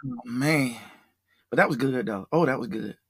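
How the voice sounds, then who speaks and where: A podcast host chatting casually, animated and laughing a lot, with drawn-out exclamations. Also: mid-range voice, breathy edge, no room sound. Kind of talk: casual chat.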